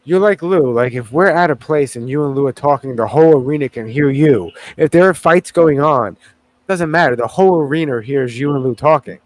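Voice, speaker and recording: A man's voice: on the high side, brisk. A man co-hosting a casual podcast, chatting loosely, swearing casually and restarting his sentences. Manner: rambling, self-correcting, swears casually. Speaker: podcast co-host. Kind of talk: casual chat.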